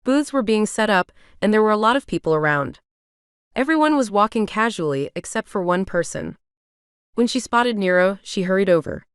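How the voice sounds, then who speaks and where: A woman's voice: mid-range voice, animated, normal speed, clear, resonant tone, dry recording, studio quality. A woman narrating a first-person romance audiobook in a wry, conversational way.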